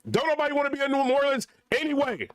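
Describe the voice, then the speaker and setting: A man's voice: very high-pitched, fast, no echo. A young man vlogging in a casual, rambling rant full of slang.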